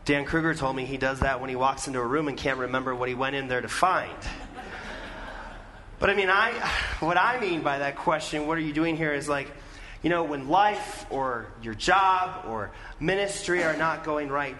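A man's voice: medium pitch, normal speed, pushed and bright, in a large hall, slight background noise. A male pastor preaching a storytelling sermon and putting questions to the congregation.

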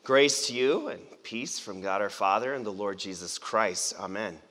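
A man's voice: fairly low pitch, animated, moderate pace, a bit bright. A man preaching a sermon as pastor, conversational and playful, drawing the congregation in. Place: church sanctuary. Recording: long church reverb.

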